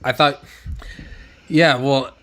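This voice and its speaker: A man's voice: mid-range voice, steady tone, drawn-out words, a bit bright, a little hiss or hum. A man hosting a podcast over a remote call, casual and laid-back, swearing freely and telling stories full of mimicked quotes. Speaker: podcast host. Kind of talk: casual chat.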